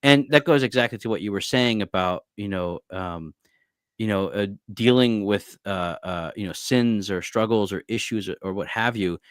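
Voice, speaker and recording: A man with a lowish voice musing over a video call. He tells his story in a relaxed, reflective way, circling back with fillers and restarts. The sound is dry and close, with no room around it. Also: normal speed, clean tone, no room sound. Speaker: former monk, podcast guest or host. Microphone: video call over unstable internet.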